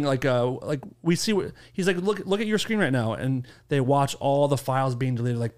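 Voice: mid-range voice, a little fast, hardly any pauses. A podcast co-host in casual chat, crude and joking, slipping into quoted voices while telling a story. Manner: crude, joking, lively impressions.

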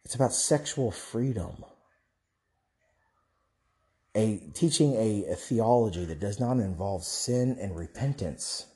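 A young man with a fairly low, warm voice talks straight through a fervent monologue. He preaches and rambles, restarting sentences and firing off rhetorical questions at his listeners. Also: animated, takes it slowly, pauses often. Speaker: Christian online commentator. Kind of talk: impassioned monologue.

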